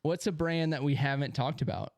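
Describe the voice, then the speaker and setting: A man's voice: on the high side, no echo. A man from the American South hosting a live podcast, joking around and bringing in callers. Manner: joking, quick to laugh, runs the call-ins. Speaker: podcast host. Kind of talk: casual banter on a live podcast.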